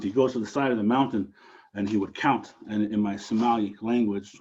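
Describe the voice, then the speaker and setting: A man from Alaska telling a traditional story aloud, animated, with dramatic rises and drops. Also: lowish voice, normal speed, breathy edge, highs cut off.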